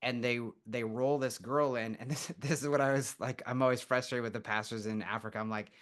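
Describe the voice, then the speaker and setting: Bright-voiced man telling animated stories. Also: medium pitch, a little fast. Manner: animated storyteller, acts out quotes. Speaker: podcast guest, healer. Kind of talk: casual storytelling interview.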